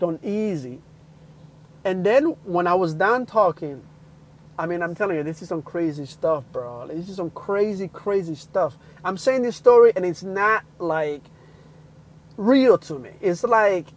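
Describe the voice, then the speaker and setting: A young man telling a personal story in a casual livestream, excitedly acting out the people in it. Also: high voice, low-quality recording. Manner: excitable, acts out quotes loudly. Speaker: livestream host.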